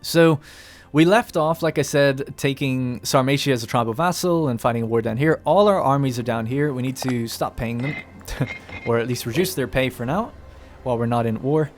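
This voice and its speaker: A man talks through his strategy game in a loose, thinking-aloud way, the kind of regular host who narrates every move. His voice sits at an ordinary middle pitch, and soft music plays faintly under him. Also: normal speed. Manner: chatty, thinking aloud, swears and laughs now and then. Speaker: let's play host. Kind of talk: casual gameplay commentary.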